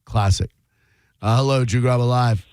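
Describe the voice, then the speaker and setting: A man hosting a radio call-in show, joking dryly and firing back quick comebacks at callers. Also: medium pitch, a little mellow, smooth, no room sound. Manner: wisecracking, dry and quick with comebacks. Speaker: radio host taking calls. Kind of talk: casual radio talk show banter.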